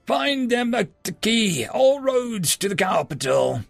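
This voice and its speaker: A man's voice: sits high, sing-song, slow pace, gravelly, no room sound, soft background music, voice pushed up, heavily acted. A man voicing a blunt, practical young adventurer.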